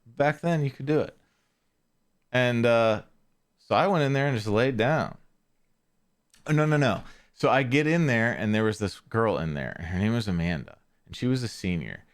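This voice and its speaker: A man hosting a podcast, telling a casual story in a rambling way, often correcting himself and trailing off quietly. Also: medium pitch, smooth. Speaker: podcast host.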